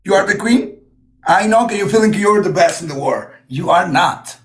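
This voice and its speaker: A man's voice: sits high, lively intonation, normal speed. A man hosting a livestream battle, gushing with compliments in broken English and slipping into Spanish phrases. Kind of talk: casual livestream chat.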